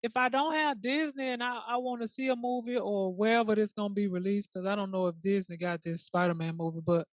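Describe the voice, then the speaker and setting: A podcast co-host chatting casually in a sassy, colloquial way, quick to react. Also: mid-range voice, steady tone, no echo. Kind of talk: casual chat.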